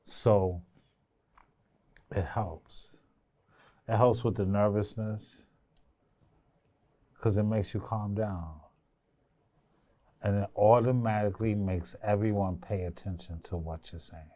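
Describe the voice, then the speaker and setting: A man's voice: fairly low pitch, fairly even intonation, slow, pauses often, dark tone, dry recording. Playful male acting coach, dry sound. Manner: playful, teasing, breaks into singing. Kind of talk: casual coaching interview.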